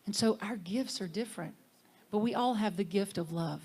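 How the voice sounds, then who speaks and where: A middle-aged woman minister giving a conversational sermon, often dropping to a soft near-whisper for emphasis. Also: mid-range voice, moderate pace, husky.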